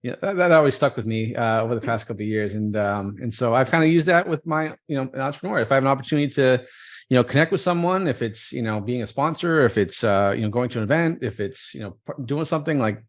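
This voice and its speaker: A man's voice: mid-range voice, lively intonation. A man who is the guest entrepreneur on a podcast, talking casually and packing his sentences with fillers. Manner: fast-talking, full of fillers like "you know". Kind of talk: casual interview chat.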